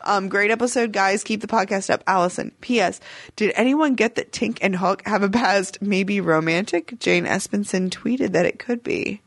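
A woman's voice: mid-range voice, moderate pace, vocal fry, dry recording. A woman co-hosting a fan podcast, bubbly and teasing, reading listener mail and laughing often. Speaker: podcast co-host. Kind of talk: casual fan podcast chat.

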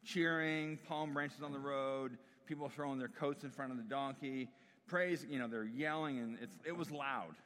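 A man's voice: medium pitch, normal speed, fairly bright tone. A man preaching a conversational sermon to a congregation, often asking them questions. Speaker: pastor. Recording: long hall reverb.

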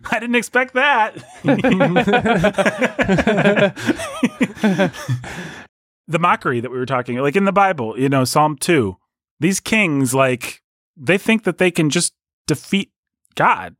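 A man co-hosting a casual podcast discussion, animated and quick to leap into high mock voices for jokes. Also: no echo, studio quality. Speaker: podcast co-host.

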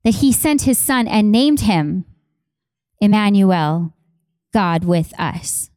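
A woman's voice: medium pitch, animated, takes it slowly, a little mellow, no echo, studio quality. A woman pastor from Canada preaching a sermon, passionate and conversational, repeating key phrases for emphasis and speaking directly to her congregation. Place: church.

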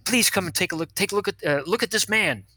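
A man's voice: high-pitched, expressive, quick pace, sharp tone, no room sound, voice pushed up, exaggerated voice. A man voicing a female flight attendant urgently calling a doctor over.

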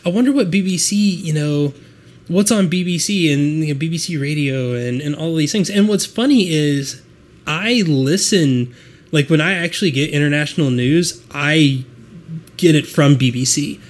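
Man from the US, casual chat, animated, laughs a lot, acts out quotes, fairly high voice. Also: a little slow. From United States.

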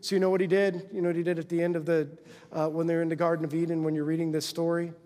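A man's voice: on the high side, level tone, very fast, dark tone, big-room sound. A male pastor preaching a sermon in a church, talking conversationally and checking in with the congregation with constant tag questions. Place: church sanctuary.

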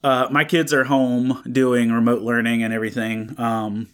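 A man in his thirties talks in a loose, rambling way, piling on fillers and false starts as he tells a story. His pitch sits in the middle range for a man. He co-hosts a relaxed comics chat show. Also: moderate pace, clean tone. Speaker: podcast co-host. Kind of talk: casual chat.

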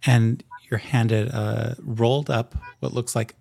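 A male game master narrating a tabletop game, describing scenes unhurriedly with many ums. His voice has a gravelly edge. The recording is dry and close. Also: medium pitch, steady tone, measured pace, darkish tone, no room sound, soft background music.

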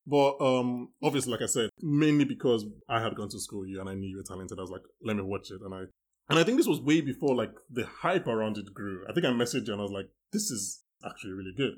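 Male podcast host, mid-pitched, loose joking delivery, plays out quotes. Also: fast talker. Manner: animated, joking, acts out quotes. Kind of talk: casual chat.

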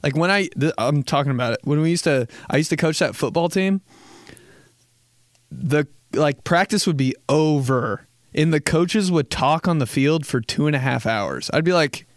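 Hosting a casual comedy podcast, a young man rambles with profanity and jokes, frequently laughing and performing quotes. His voice is on the high side at a normal speed. The studio-quality recording has no room sound.

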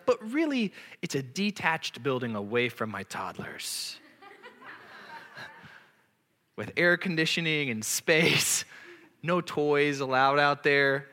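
Candid preacher, bright voice, echoing hall. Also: male voice, mid-range voice, sing-song, a little slow. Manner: candid and self-deprecating, earnest. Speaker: pastor. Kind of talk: sermon. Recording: long echoing reverb of a large hall.

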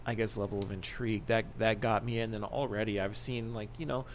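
A man co-hosting a casual podcast, excitable and profane, laughing often as he talks about games. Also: fairly low pitch, a little fast, a little hiss or hum. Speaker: podcast co-host.

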